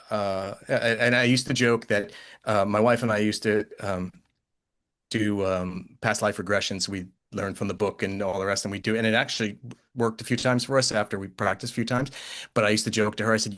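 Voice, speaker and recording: A man's voice: on the low side, level tone, fairly quick, a bit bright. A man telling a personal story in casual talk, rambling and acting out the voices of people he quotes. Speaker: podcast guest, author.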